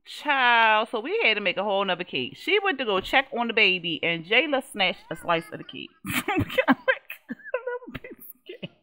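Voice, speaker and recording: A woman hosting casual gameplay commentary, animated and exasperated, swearing freely and talking straight to her viewers, on a dull lo-fi recording. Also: on the high side, normal speed. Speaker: gaming channel host.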